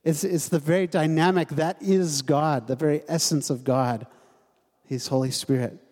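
A man's voice: a little high, steady tone, normal speed, darkish tone. A man preaching a sermon to a congregation, in a conversational, lightly humorous way, asking his listeners questions. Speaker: pastor. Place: church sanctuary. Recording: long hall reverb.

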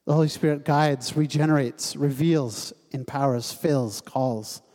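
A man's voice: a little high, steady tone, a little slow, darkish tone. A man preaching a sermon to a congregation, in a conversational, lightly humorous way, asking his listeners questions. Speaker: pastor. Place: church sanctuary. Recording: long hall reverb.

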